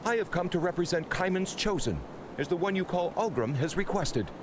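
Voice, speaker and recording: A man's voice: high voice, lively intonation, fairly quick. An actor playing a formal, proud male envoy of a holy order in a game, heard in noisy game audio.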